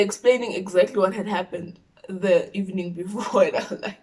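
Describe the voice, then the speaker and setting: Animated South African woman telling a story. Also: mid-range voice, fairly quick. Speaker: YouTuber. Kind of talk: storytime vlog.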